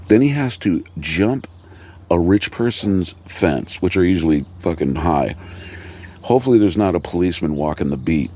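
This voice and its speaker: A man in a rambling, comic monologue, swearing freely and stumbling over restarts as he works through his idea. His voice is very low and gravelly. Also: mellow, slight background noise. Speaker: video creator. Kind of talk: casual comedic rant.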